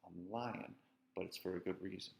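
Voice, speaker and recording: A man's voice: low voice, steady tone, normal speed, vocal fry, darkish tone, low-quality recording. A man teaching an introductory Spanish lesson in a playful, chatty way, often checking in with "right?". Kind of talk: casual classroom lecture.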